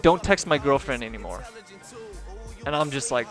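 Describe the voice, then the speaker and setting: A man's voice: fairly high pitch, animated, normal speed, long pauses, fairly bright tone, faint music behind. A young man telling a personal story in a casual, rambling way, full of filler words and swearing. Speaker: gaming streamer and video host.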